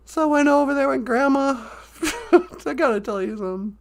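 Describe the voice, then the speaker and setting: A woman's voice: high voice, animated, normal speed. A woman hosting a podcast, telling a comic story in a chatty manner, laughing a lot and acting out quotes. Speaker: podcast host. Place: outdoors by a lake.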